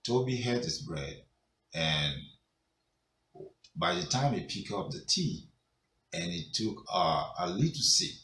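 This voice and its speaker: Telling a folk tale in a casual, filler-laden way, a male storyteller speaks very low and unhurried, expressive with a sharp tone. Echo fills the room and faint noise sits in the background.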